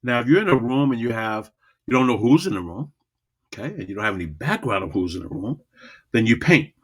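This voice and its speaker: A man teaching a public speaking lesson, emphatic and repetitive, swinging between loud and soft delivery. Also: medium pitch, very animated, a little fast, breathy edge. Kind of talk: coaching lesson to a class.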